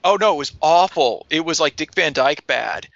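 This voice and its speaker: A man co-hosting a podcast in casual, animated chat, swearing freely. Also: a little high, normal speed, creaky, dry recording, highs cut off. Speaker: podcast co-host.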